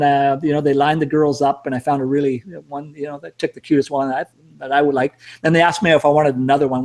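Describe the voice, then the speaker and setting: A middle-aged man hosts a storytelling piece, casually recounting a rambling, self-mocking travel tale with some cursing. His voice is mid-range and a little mellow.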